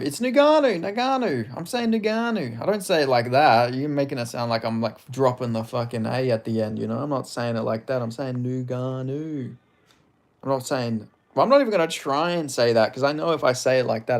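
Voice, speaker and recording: A man's voice: medium pitch, fast, creaky, few pauses. A young man, chatting casually and crudely on a live stream, rambling with lots of fillers.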